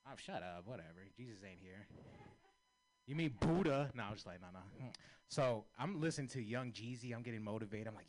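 A man's voice: fairly low pitch, a little fast. A young man doing a stand-up set, telling loose, profane, rambling stories and laughing at his own jokes. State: high. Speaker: stand-up comedian.

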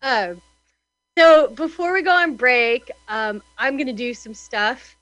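A woman's voice: fairly high pitch, slow, fairly bright tone, no room sound, rough recording. A woman hosting a radio show, chatting casually and rambling with many fillers and restarts. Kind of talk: casual chat.

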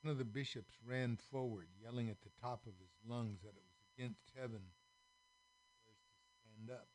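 In a mid-range voice at a moderate pace, this man performs a children's story for a radio show, acting out each character and varying his loudness widely. A little hiss or hum can be heard.

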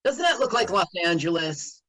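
A radio co-host with a high-sitting voice chats casually about a movie at a moderate pace. He is animated and quotes its scenes in put-on voices. The audio is poor.

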